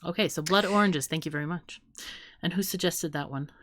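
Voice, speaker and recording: A woman's voice: lowish voice, a little fast, fairly bright tone, no echo, studio quality. A woman co-hosting a casual podcast, laughing often and rambling through playful guesses. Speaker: podcast co-host.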